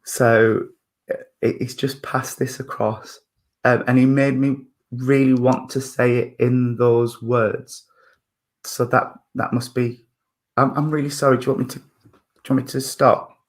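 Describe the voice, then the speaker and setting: Male medium at a service, mid-pitched voice, gentle, halting, apologetic, lots of ums. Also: flat delivery. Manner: hesitant, full of fillers and restarts, apologetic, chuckling. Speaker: spiritualist medium. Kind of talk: mediumship demonstration at a church service.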